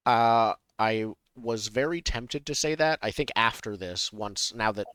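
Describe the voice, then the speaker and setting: A man running a tabletop role-playing game as game master, improvising with halting restarts. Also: medium pitch, fairly bright tone, clean tone, no echo. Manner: halting, many fillers and restarts while improvising.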